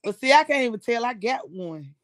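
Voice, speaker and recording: A woman's voice: fairly high pitch, expressive, brisk, dry recording, clean studio sound. A woman chatting with friends, blunt and teasing. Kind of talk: casual chat with friends.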